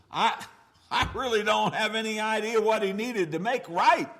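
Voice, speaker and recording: Lively storytelling male preacher. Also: high voice, moderate pace. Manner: storytelling, swings from loud outbursts to hushed asides. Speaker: pastor. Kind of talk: revival sermon.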